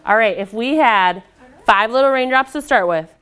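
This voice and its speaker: A woman's voice: fairly high pitch, normal speed, fairly bright tone, clean tone, faint music behind. A young woman leading a children's storytime, reading aloud and guiding rhymes in a patient, encouraging, sing-song way. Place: indoor storytime room with children.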